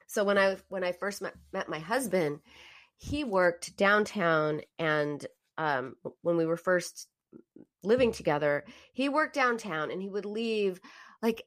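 Reflective woman host, mid pitch. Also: fairly bright tone. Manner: reflective, anecdotal, frequent restarts. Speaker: host answering listener comments. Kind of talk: casual live-stream talk about self-help.

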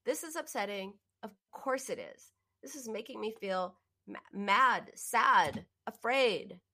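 Speaking slowly with a sharp, animated tone, a woman addresses her listeners directly in second person as she coaches them on binge eating. The self-help talk is earnest and emphatic, with her pitch frequently rising to stress points.

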